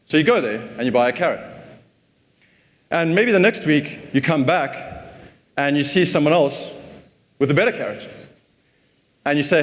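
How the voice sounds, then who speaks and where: A man's voice: on the high side, normal speed, pauses often. A man giving a casual conference talk, often repeating words as he thinks. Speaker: conference speaker. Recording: long hall reverb.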